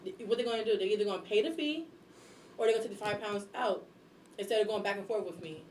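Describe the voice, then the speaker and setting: Fast-talking blunt young woman, echoey room. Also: mid-range voice, recorded from a distance, a little hiss or hum. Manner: blunt, animated, acts out scolding voices. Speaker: guest, substitute teacher and airport worker. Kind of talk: casual podcast chat.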